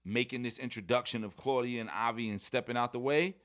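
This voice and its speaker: A man's voice: medium pitch, brisk. A man, a rapper guest in a casual interview, telling stories and acting out quoted lines. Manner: animated storyteller, acts out quotes.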